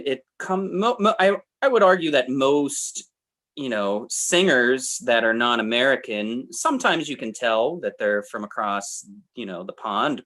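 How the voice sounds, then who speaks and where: A man's voice: medium pitch, fairly bright tone. A man co-hosting a podcast, chatting casually about albums in a rambling way, often trailing off and restarting. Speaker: podcast co-host. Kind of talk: casual music review chat.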